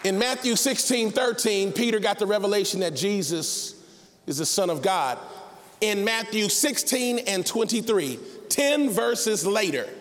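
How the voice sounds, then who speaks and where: Animated male preacher, high voice, half-sung lines, long reverb. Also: measured pace, some chatter behind. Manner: animated, acts out characters, sings phrases. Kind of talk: sermon.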